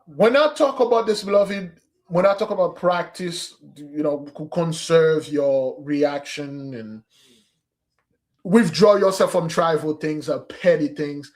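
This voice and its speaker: A man's voice: a little high, a little slow, a little mellow. A man giving a spiritual teaching, speaking emphatically, calling his listeners "beloved" and slipping into street slang. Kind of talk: preaching address on a fasting day.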